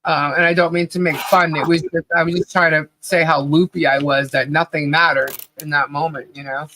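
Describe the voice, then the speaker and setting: A woman's voice: low-pitched, fairly even intonation, brisk, pushed and bright, a little hiss or hum, poor audio. A woman co-hosting a podcast livestream, chatting casually and laughing often as she tells stories and calls out names from the chat. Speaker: podcast co-host.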